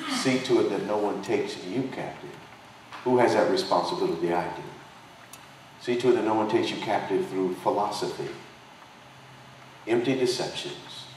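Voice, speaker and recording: A man with a lowish voice preaches an impassioned political sermon, hammering his points with repetition and a rising preacher's rhythm. He is picked up from a distance in a very echoey dinner hall. Faint noise hums under his voice. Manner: emphatic preaching cadence with repetition. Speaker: pastor and congressional candidate.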